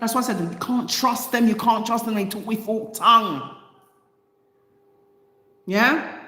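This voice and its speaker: A woman talks straight to her viewers, reading a report and then firing off indignant rhetorical questions in a passionate casual commentary. Her voice sits fairly high, and a long reverb trails her words around an echoey room. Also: measured pace, pushed and bright. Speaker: channel host.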